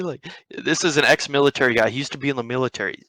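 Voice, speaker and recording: Talking fast in a sharp, mid-range voice, a young man hosting a podcast rambles through a story, swearing and restarting often. The recording is dry and low in quality.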